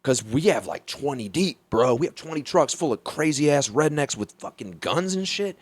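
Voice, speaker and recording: A young man from Alabama, a comedian guest telling a story in a profane, animated way, laughing as he goes. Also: medium pitch, normal speed, husky, dry recording. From Mobile, Alabama, US. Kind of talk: casual storytelling.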